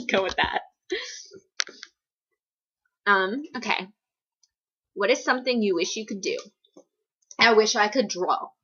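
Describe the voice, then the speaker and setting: Young woman, from the US East Coast, casual Q&A vlog, rambling and filler-heavy, husky voice, muffled lo-fi sound. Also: mid-range voice, slow, pauses often, a bit bright. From East Coast United States. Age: young adult. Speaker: vlogger answering viewer questions.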